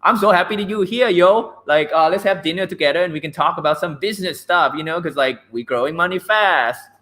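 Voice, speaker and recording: A man putting on the voice of an excited friend greeting a buddy at dinner, slangy and loud. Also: a little high, a little fast, pitched above the performer's own voice.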